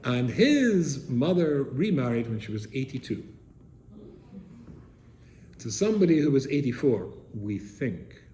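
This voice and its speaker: An older man from England, a rabbi telling stories to seminary students, animated, with rhetorical questions, swinging from loud to soft. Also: medium pitch, unhurried, long pauses. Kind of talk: storytelling talk to students. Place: seminary room, indoors. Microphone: camera he set up himself. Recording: echoey room with faint noise.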